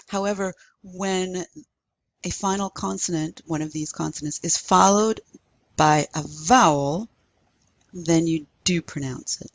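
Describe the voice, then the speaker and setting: A woman's voice: lowish voice, a little slow. A woman teaching a recorded language lesson, carefully modeling pronunciation for learners to repeat. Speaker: French teacher.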